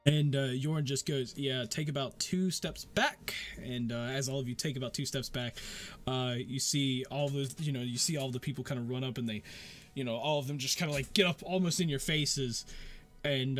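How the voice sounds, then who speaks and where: A man narrating as game master in a casual, rambling way with many fillers. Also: fairly high pitch.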